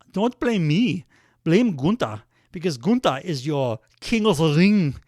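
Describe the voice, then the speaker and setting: A smug, taunting wrestler, put on by a man. The voice is pitched high and mocks with relish. It is recorded close and dry. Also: no room sound. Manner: mocking, taunting. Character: impression of smug male German-accented wrestler.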